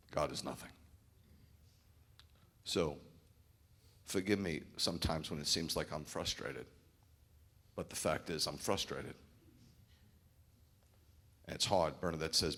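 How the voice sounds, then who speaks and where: Low gravelly-voiced rabbi preaching. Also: male voice, fairly bright tone. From New York. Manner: candid, storytelling, self-deprecating. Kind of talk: sermon.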